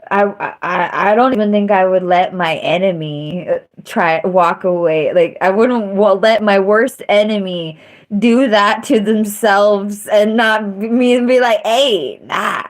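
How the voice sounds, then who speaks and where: A woman's voice: medium pitch, a little slow. A woman hosting a livestream, chatting casually and emotionally, rambling and trailing off. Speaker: livestream host.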